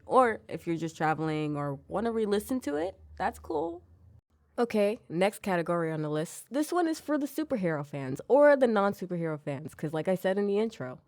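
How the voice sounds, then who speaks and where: Brief: woman podcast host, low voice, chatty and rambling, dry close sound. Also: a little mellow, no echo. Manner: chatty, rambling, with restarts and giggles. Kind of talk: casual solo podcast recommendations.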